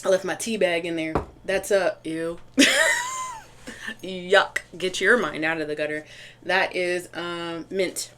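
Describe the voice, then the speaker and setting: A woman doing a casual tarot reading to camera, talking chattily and excitedly, with lots of restarts and fillers. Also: fairly low pitch, measured pace, slight background noise. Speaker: tarot reader.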